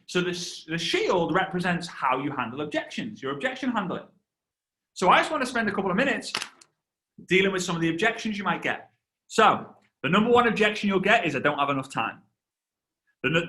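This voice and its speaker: A man in his thirties giving a lively motivational training talk, telling stories with asides and shouts to his audience. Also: sits high. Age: 30s. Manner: animated storyteller, shouts and laughs, quick asides to the audience. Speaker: guest speaker.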